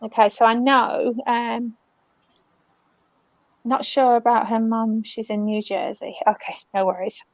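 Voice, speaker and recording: Gentle British woman medium, tender tone. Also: fairly high pitch, level tone, unhurried, pauses often, no echo. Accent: British English. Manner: gentle, soothing, calls people love and darling. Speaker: spiritual medium. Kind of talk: live online reading. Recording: dull, dry lo-fi audio.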